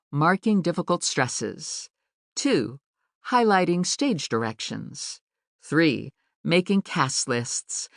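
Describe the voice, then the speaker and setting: Low, lively woman narrating a how-to guide. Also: no room sound, studio quality. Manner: clear, deliberate teaching delivery with marked emphasis. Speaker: audiobook narrator. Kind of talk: scripted instructional narration. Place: recording studio.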